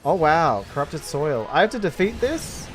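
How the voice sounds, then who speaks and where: A man's voice: a little high, very animated, moderate pace, a little hiss or hum. A man doing a casual let's-play commentary, rambling and giggling, mocking himself as he plays, with game music behind. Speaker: gaming channel host.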